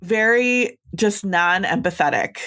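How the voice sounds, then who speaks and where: A woman's voice: mid-range voice, lively intonation, measured pace, fairly bright tone. A woman podcast host with a chatty, reassuring way of talking, giving advice in a casual conversation with many "like" fillers.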